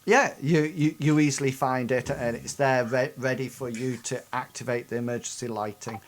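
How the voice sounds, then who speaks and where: A man narrates as game master for a tabletop session, his voice sitting at a middle pitch. He describes the scenes haltingly, often restarting his sentences. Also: steady tone.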